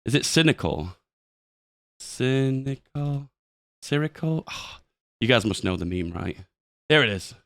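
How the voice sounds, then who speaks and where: Guy hosting a gaming channel, lively swoopy delivery, dry close sound, laughs and swears. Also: sits low, normal speed, vocal fry, no room sound. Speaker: gaming YouTuber. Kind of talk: casual commentary on a game update.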